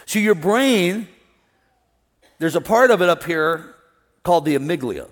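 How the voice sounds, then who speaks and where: Middle-aged guy preaching a sermon, kinda high voice, big reverby church hall, gets loud then goes real quiet. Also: a little slow. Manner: animated, swinging from loud excitement to hushed calm. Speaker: pastor. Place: large church hall with an audience. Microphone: wireless stage mic.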